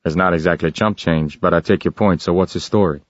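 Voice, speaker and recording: A terse, clipped police contact, voiced by a male narrator, who keeps his answers short. His voice is low and dry, and the recording sounds a little dull. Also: a little fast, dry recording, close to an everyday voice.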